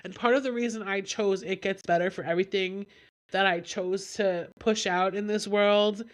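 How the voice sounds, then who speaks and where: A young woman with a mid-range voice hosts a solo podcast while recovering from a cold, speaking at a normal speed in a steady tone. Her candid talk is rambling and heartfelt, peppered with lots of "like."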